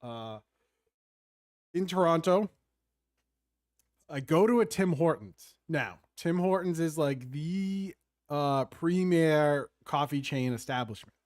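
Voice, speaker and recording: A man in his thirties co-hosts a casual gaming podcast and tells long, rambling, jokey stories. His voice sits on the high side, and the recording is dry and close. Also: expressive, takes it slowly, long pauses, dry recording. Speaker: podcast co-host. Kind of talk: casual chat.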